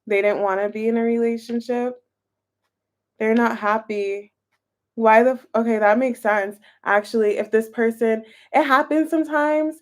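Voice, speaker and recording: A young woman with a slightly high voice speaks right into a phone camera held close. She runs a casual live tarot reading, chatting with viewers and musing aloud as she turns the cards. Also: moderate pace. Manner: chatty and animated, reads chat aloud, thinks aloud over cards. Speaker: tarot reader streaming live.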